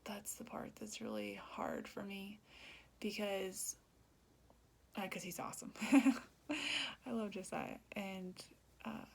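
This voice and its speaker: A woman's voice: mid-range voice, very animated, slow pace, gravelly, pauses often. A young woman talking earnestly in a personal vlog, rambling, laughing often and dropping to a whisper. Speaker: vlogger.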